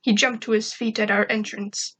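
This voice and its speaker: Woman, story reader, first-person narration, snarky, conversational, fairly high voice. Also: flat delivery, moderate pace, fairly bright tone, low-quality recording. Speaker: fan fiction reader.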